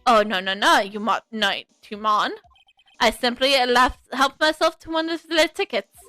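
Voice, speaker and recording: Lady doing a campy chef guy, fake french bits, sly and whiny, lower than her usual. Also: normal speed, sharp tone, dry recording. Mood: flustered. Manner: fake French-tinged phrasing, theatrical. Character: flamboyant male chef, sly and self-pitying. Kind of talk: reading a game aloud.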